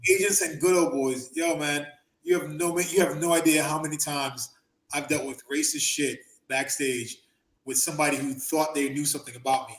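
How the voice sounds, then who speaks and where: A man hosting a podcast, telling profane, animated stories, laughing often and acting out the people he quotes. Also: on the high side, normal speed. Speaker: podcast host and former wrestler. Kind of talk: casual storytelling chat. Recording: roomy echo.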